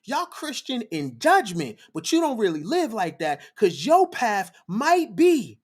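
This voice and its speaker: A man's voice: high voice, huge pitch swings, unhurried, husky. A man hosting a livestream, lecturing his viewers in a fiery, preachy monologue, repeating phrases for emphasis. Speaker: livestream host.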